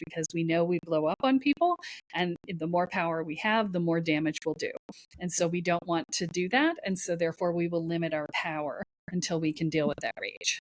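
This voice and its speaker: A woman's voice: fairly low pitch, no echo. A woman speaking as a podcast guest and spiritual coach, giving emphatic, blunt advice in short commands. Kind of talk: podcast conversation.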